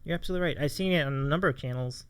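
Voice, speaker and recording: A man's voice: fairly high pitch, clear, resonant tone, no echo. A man hosting a casual live-streamed chat show, eagerly agreeing with his guest and reading out viewer questions. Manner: eager, quick to agree, keeps saying yeah.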